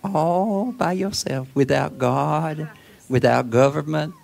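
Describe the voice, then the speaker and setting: A male preacher giving a sermon in an emphatic, repetitive way that swells to shouts. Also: on the high side, takes it slowly, vocal fry.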